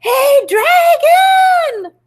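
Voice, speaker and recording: A woman voicing a plucky, clever young princess who sounds high and eager. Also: sing-song, extremely slow, heavily acted. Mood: shouting.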